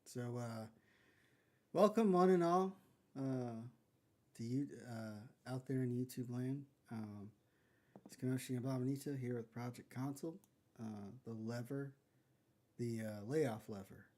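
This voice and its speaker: A man hosting a casual podcast, talking in a halting way with lots of pauses and restarts. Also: medium pitch, fairly even intonation, dark tone. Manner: halting, many fillers and restarts. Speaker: podcast host.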